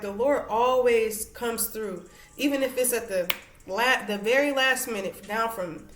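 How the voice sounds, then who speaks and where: A woman's voice: fairly high pitch, echoey room, a little hiss or hum. A woman teaching women from scripture in a conversational way, reading verses aloud and checking in with "all right" and "okay". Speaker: women's Bible study teacher.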